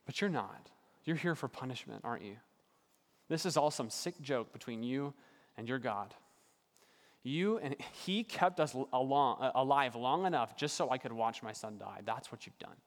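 A man's voice: mid-range voice, lively intonation, moderate pace, close to an everyday voice. A man voicing a grieving widow who accuses a prophet, in bitter, accusing questions, in a long-echoing hall.

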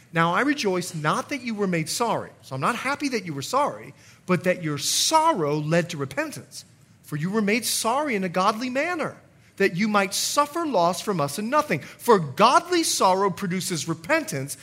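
Animated preaching pastor with a bright voice. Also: male voice, fairly high pitch. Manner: animated, rising to loud emphatic passages. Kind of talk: sermon. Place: church sanctuary.

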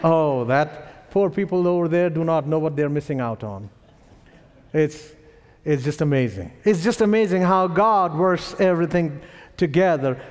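A man with an Indian accent preaching in a church, his speaking voice sitting a bit high and swinging widely in pitch. He tells stories with chuckles and lively rises, and the sound carries a long hall reverb. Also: moderate pace. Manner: animated storytelling with chuckles. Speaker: pastor. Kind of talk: sermon. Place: church sanctuary.

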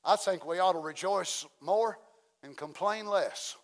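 A man preaching a sermon in a folksy way, asking the congregation many questions and swinging between loud exclamations and soft asides. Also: high-pitched, measured pace.

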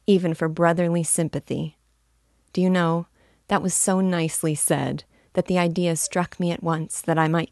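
A woman voicing a frank, cautious young woman in an audiobook reading, measured and gently firm. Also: sits low, no room sound, studio quality.

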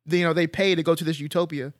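A man co-hosting a podcast, chatting casually in a relaxed, rambling way with slang and fillers. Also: fairly high pitch, rapid-fire, no echo, studio quality. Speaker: podcast co-host. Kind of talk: casual chat.

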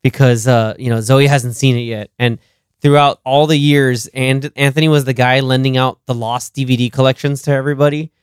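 A man co-hosting a casual movie podcast, retelling scenes in a rambling, animated way with lots of laughter. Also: mid-range voice, fairly quick, smooth, no room sound, studio quality. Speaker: podcast co-host. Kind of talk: casual film-review chat.

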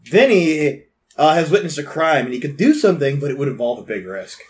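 A man at a tabletop game speaks in a playful, teasing way. His voice sits on the higher side and swings widely in pitch. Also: sing-song, fairly quick. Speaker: player. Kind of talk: tabletop role-play chat.

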